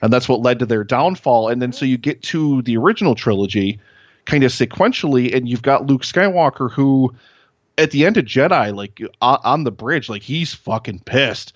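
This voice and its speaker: A man's voice: medium pitch, expressive, normal speed, no echo. Man, earnest podcast guest, dry close sound, slightly dull audio. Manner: earnest, enthusiastic, swears casually. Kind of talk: casual podcast chat.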